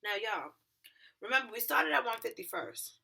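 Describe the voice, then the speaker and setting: Ny girl doing a storytime vlog, bright punchy voice, plays all the people in the story. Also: fairly high pitch, moderate pace, creaky, a little hiss or hum. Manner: animated, acts out every character in the story. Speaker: vlogger. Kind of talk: casual storytime.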